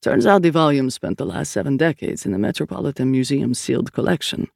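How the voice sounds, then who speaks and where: A narrator puts on an older priest who speaks in a deep, studiously calm, measured way. His voice has a gravelly texture. It is recorded close and dry, like an audiobook. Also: no room sound.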